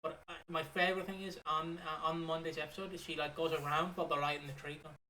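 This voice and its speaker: Bright-voiced podcast co-host. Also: medium pitch, flat delivery, fast, a little hiss or hum. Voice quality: bright, rambling with fillers and swearing. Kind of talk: casual chat recapping a soap.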